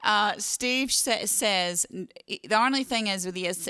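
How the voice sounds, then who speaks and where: Australian woman, livestream host, mid pitch, chatty and laughing, dry close sound. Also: steady tone, a little slow, hardly any pauses, bright, forceful tone, smooth, no echo. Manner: chatty, laughing, reads viewer comments aloud. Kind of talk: casual livestream chat.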